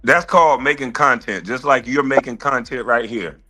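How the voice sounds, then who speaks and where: A man's voice: mid-range voice, normal speed, bright, forceful tone, soft background music. A man who is a former pro basketball player, arguing in a heated casual way, taunting and dismissive and swearing a lot.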